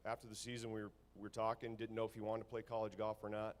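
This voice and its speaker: Low-voiced coach praising his players. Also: completely flat delivery, fast. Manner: repeats words, many fillers. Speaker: golf coach. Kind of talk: ceremony speech.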